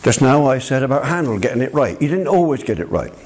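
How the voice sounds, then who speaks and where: Older male preacher, husky timbre, animated and emphatic sermon delivery. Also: mid-range voice, quick pace. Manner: animated, emphatic, addresses listeners as my friend.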